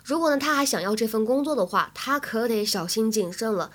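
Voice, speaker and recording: A woman teacher with a fairly high voice walks students through English phrases. She talks in a chatty way and keeps checking in with a quick "right?".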